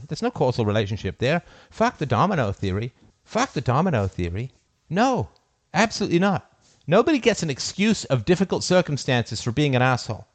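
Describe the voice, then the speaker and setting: Very animated and brisk, a middle-aged man hosting a call-in show rants emphatically, with no echo in the recording. His passionate monologue swings between loud outbursts and quiet muttered asides.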